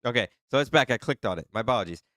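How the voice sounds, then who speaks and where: A man hosting a live stream who reads out the chat in a flustered, excitable way and teases the viewers. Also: medium pitch, rapid-fire, no room sound, clean studio sound. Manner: flustered and excitable, laughing often, teasing viewers. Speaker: livestream host reading chat.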